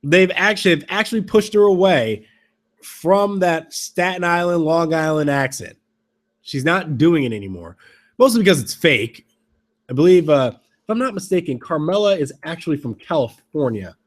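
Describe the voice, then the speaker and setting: Male podcast host, slightly high voice, halting wry ramble. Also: expressive. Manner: rambling, halting restarts, wry mocking asides. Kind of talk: casual wrestling recap.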